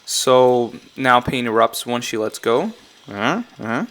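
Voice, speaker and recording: A man talks loosely through song lyrics for his channel, in a mid-pitched, unhurried voice. He drifts between thoughts, corrects himself mid-sentence and keeps sounding unsure of his own readings. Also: expressive, a bit bright. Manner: rambling, self-correcting, often unsure. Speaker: YouTuber analyzing game song lyrics. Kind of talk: casual commentary vlog.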